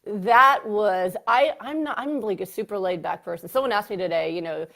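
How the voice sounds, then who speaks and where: Animated woman telling a story. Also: mid-range voice, normal speed, vocal fry. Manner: animated, breaks into laughter, many fillers. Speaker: guest psychiatrist. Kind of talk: casual interview storytelling.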